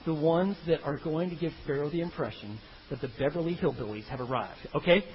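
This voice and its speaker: Male preacher, high and lively, playful storytelling delivery; muffled lo-fi sound. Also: a little fast, slight background noise. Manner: animated, comic, acts out biblical characters in funny voices. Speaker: pastor. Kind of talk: sermon.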